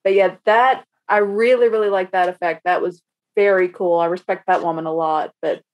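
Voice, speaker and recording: A woman in casual chat, co-hosting a film review, telling her reactions in an animated, storytelling way with some casual swearing. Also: lowish voice, normal speed, muffled recording. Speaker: podcast co-host reviewing a horror movie.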